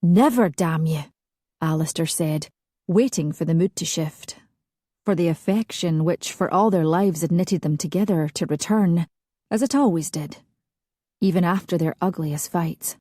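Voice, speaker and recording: Woman narrating with a low, dry voice. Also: warm tone, dry recording. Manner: measured, dramatic storytelling. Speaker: audiobook narrator. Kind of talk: scripted narration.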